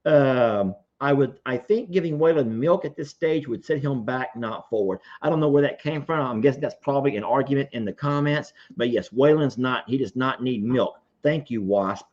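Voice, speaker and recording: Animated man, farm livestream host, reading comments; muffled lo-fi computer-mic audio. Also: mid-range voice. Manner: animated, chatty, reads comments aloud. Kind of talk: casual livestream chat. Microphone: computer microphone.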